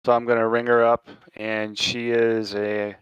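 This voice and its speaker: A man's voice: medium pitch, little pitch movement, a little slow, fairly bright tone, clear, resonant tone, no echo, lo-fi sound. A man playing a tabletop game, talking in a laid-back, slangy drawl. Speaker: player. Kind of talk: in-character tabletop play.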